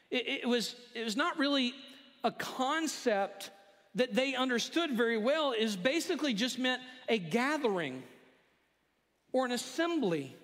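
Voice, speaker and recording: A man's voice: extremely high pitch, fairly bright tone. A man preaching a sermon as pastor, in a conversational manner, acting out quoted lines. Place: church sanctuary. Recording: long church reverb.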